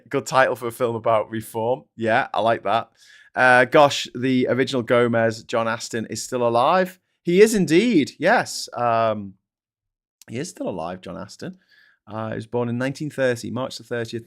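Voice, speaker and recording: A man's voice: medium pitch, normal speed, fairly bright tone. A middle-aged man hosting a live stream, chatting casually and reading viewer comments, rambling and swearing, often laughing.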